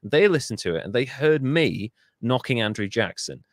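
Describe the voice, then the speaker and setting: A man's voice: mid-range voice, expressive, moderate pace, dry recording, clean studio sound. A man from England, co-hosting a podcast in casual, jokey chat and swearing freely. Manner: swears freely, jokey, mimics people in silly voices. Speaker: podcast co-host.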